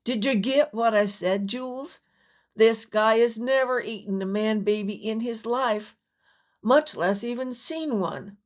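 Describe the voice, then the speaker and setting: Woman reading a kind young man, earnest and soothing, slow pace. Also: a little high, natural voice. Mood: gentle.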